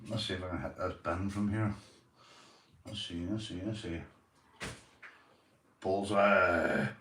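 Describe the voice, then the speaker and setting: A man's voice: low-pitched, fairly even intonation, moderate pace, echoey room, recorded from a distance, noisy background. A Northern Irish man hosting a casual livestream, chatting to viewers and telling sweary stories. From Northern Ireland. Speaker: livestream host.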